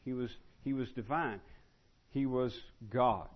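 A man preaches a teaching sermon in an easy, conversational way, with a mid-range voice. He stumbles over restarts and fillers, then slows right down to stress key words. The recording sounds a little dull and lo-fi. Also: mid-range voice.

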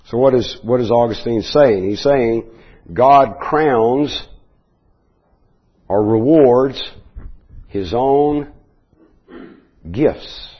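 Husky guy preaching, slow explaining tone, kinda dull lo-fi sound. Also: mid-range voice. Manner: measured, explanatory, with restarts and asides. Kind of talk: Bible teaching sermon.

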